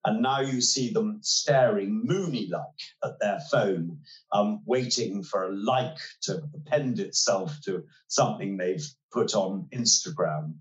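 A man's voice: on the low side, highs cut off. Wry older man, roomy sound. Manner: articulate, wry storytelling with frequent hesitations. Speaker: interview guest. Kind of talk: relaxed conversational interview.

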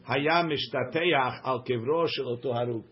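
A man's voice: medium pitch, moderate pace, breathy edge, muffled recording. A man teaching a Gemara class, reading the text aloud and translating it with joking asides. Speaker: Talmud teacher.

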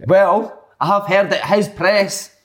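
A man's voice: high-pitched, slow pace, fairly bright tone. A man hosting a casual football chat, full of teasing, jokey banter. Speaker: podcast host.

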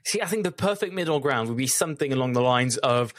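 A man's voice: medium pitch, lively intonation, fast, fairly bright tone. A man co-hosting a casual podcast, chatty and running a playful segment. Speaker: podcast co-host.

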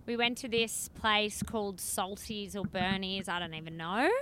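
A woman's voice: medium pitch, normal speed, fairly bright tone. A young woman, co-hosting a casual chat, telling stories against herself and swearing casually. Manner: self-deprecating storyteller, swears casually. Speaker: podcast co-host. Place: inside a car. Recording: car recording with road noise.

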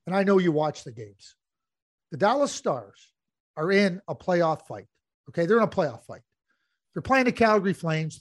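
A man hosting a sports talk show, blunt and emphatic, repeating himself for effect. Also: high voice. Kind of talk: heated hockey talk.

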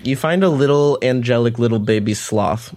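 A man's voice: medium pitch, moderate pace, a little mellow, faint music behind. A man running a tabletop game as game master, narrating with laughter and crude jokes.

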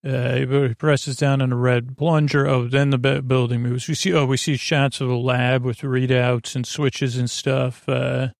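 A man with a gravelly, creaky voice hosts a podcast and casually recaps an episode, wandering through the plot with frequent pauses and filler sounds. His voice is recorded close and dry, with no room sound, and sits at an ordinary pitch. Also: flat delivery, no room sound. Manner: rambling, halting retelling full of filler sounds. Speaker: podcast host.

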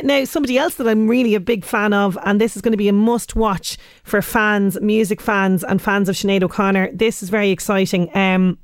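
An Irish woman hosting a local radio show, chatty and enthusiastic in her delivery. She speaks close to a studio mic with a dry, tight sound and no room echo. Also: medium pitch. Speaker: radio presenter. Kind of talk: local radio presenting and interviewing. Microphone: studio microphone.

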